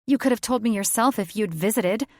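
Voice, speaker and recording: A woman's voice: a little high, a little fast, darkish tone, dry recording, clean studio sound, pitched above the performer's own voice, close to an everyday voice. A woman voicing a defiant young female siren student who speaks sharply in an audiobook.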